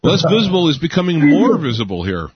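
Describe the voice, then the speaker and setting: A man's voice: a little high, very animated, quick pace, slightly rough, no echo, lo-fi sound. A man hosting a talk radio show, talking casually with many fillers and restarts.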